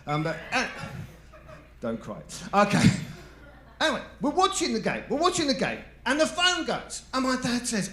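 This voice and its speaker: A high-voiced man performing stand-up in a live comedy club, bright and forceful. He tells his stories with animated acted-out voices and shouted punchlines. The room is echoey, with a faint hum of audience behind him. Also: moderate pace. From England.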